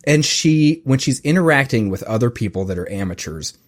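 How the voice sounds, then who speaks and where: Animated man co-hosting a podcast. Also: medium pitch, brisk. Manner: animated and self-mocking, laughs often. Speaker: podcast co-host. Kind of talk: casual chat.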